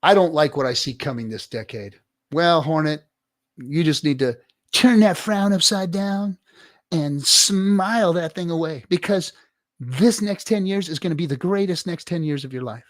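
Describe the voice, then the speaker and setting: A middle-aged man hosting a livestream, giving profane, preachy motivational rants to his chat with sudden loud swings. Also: a little high, moderate pace, dry recording, clean studio sound. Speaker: livestream host. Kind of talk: casual livestream chat reading viewer comments.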